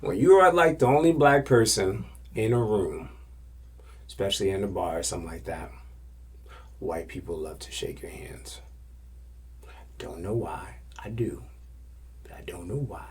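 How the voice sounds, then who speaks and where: Gravelly, husky man telling stories. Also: low-pitched, animated, moderate pace, pauses often. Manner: loose slang-heavy storytelling that often drops to a hushed whisper. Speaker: podcast host. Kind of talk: casual storytelling.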